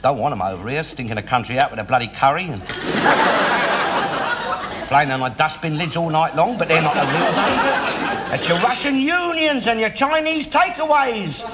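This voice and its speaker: An actor playing a loud, bigoted, blustering middle-aged father, ranting and sneering in an old TV sitcom. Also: on the high side, lively intonation, normal speed, a crowd in the background, close to an everyday voice. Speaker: sitcom character. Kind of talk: 1960s TV sitcom acting. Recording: hissy old TV recording.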